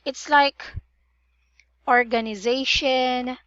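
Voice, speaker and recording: A woman's voice: high-pitched, steady tone, takes it slowly, fairly bright tone, no room sound, muffled recording. A woman tutoring English pronunciation in a one-on-one online session, patiently drilling words and correcting vowel sounds.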